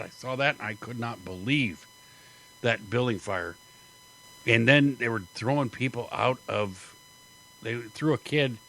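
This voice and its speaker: A man's voice: mid-range voice, pushed and bright, poor audio. Chatty male radio host. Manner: chatty, laughs often, jokey asides. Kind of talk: casual radio talk.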